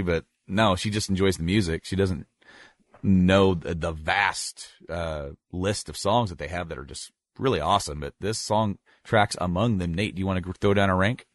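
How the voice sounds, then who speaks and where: A man hosting a casual podcast over a call, rambling and correcting himself as he talks, with bursts of excited laughter. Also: sits low, no echo, clean studio sound. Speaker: podcast host.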